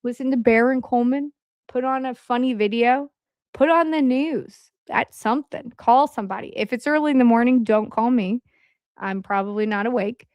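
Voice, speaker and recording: A woman hosting a casual livestream, rambling along in a chatty way and filling her pauses with "um.". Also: fairly high pitch, steady tone, no room sound, highs cut off. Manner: rambling, with frequent "um" fillers. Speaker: livestream host. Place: at home.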